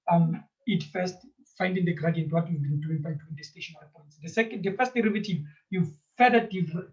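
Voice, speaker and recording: High-voiced man teaching math, lo-fi. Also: a little mellow. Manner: talks to students directly, often checks with "right?", many "um"s. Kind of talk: whiteboard math lesson. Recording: dull lo-fi recording.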